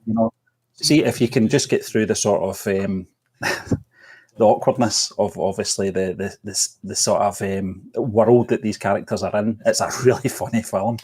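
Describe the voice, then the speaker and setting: Man, co-host, casual chat, hesitant with ums, laughs often, low husky voice. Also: moderate pace, darkish tone.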